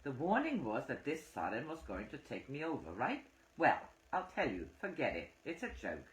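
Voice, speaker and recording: A woman's voice: extremely low pitch, huge pitch swings, normal speed, reverberant, heavily acted, poor audio. A woman voicing a blunt male scientist who lectures and dismisses others. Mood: dismissive.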